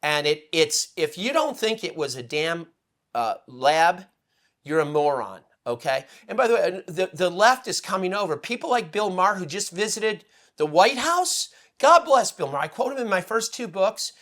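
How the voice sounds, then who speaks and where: A man speaking as a guest on a political talk show, emotional and rambling, swinging between loud outbursts and hushed asides. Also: high voice, big pitch swings, normal speed. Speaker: guest commentator. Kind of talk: impassioned political commentary.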